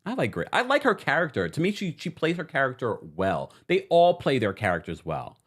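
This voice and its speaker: A male host talking through a TV recap in a chatty, opinionated way. His pitch jumps around a lot, and he sounds playful and easy. He laughs often as he talks. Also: wildly swooping pitch, a little fast, a bit bright. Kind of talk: casual pop culture recap.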